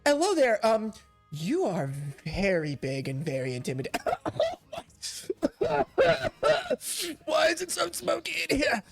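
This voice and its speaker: A man's voice: wildly swooping pitch, measured pace, vocal fry, long pauses, faint music behind, full character voice. A man voicing a small, fussy female professor who asks nervous questions in a tabletop game. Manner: high, exclaiming, nervous questions.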